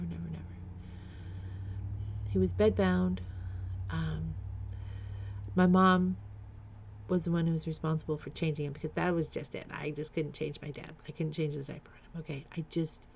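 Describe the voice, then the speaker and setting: Gravelly-voiced woman telling a painful story. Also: lowish voice, a little mellow, muffled recording, slight background noise. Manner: candid, emotional, with nervous laughs and repeated words. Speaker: vlogger. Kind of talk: personal storytelling vlog.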